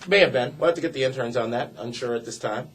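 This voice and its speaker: A man's voice: mid-range voice, fast talker, slightly rough. A man co-hosting a casual wrestling show, reading viewer emails aloud with playful emphasis. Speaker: co-host reading viewer mail. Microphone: desk mic.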